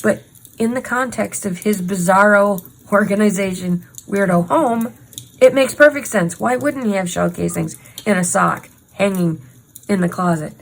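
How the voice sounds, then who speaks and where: A woman's voice: medium pitch, normal speed, creaky, rough recording. A woman hosting a casual true crime chat while crafting, talking in an indignant, sarcastic, emphatic way. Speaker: host.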